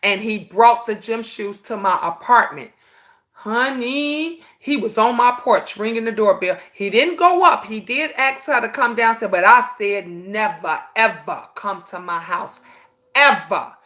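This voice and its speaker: A woman in her fifties, fairly high in pitch and measured in pace, hosts a casual live stream. Her storytelling is animated and sassy, sprinkled with "honey."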